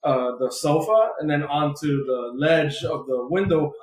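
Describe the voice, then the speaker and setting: Speaking a little slowly in a voice on the high side, a male podcast co-host recaps a comic casually. His delivery rambles, is packed with filler, and includes plenty of swearing, and the room sounds roomy and echoey.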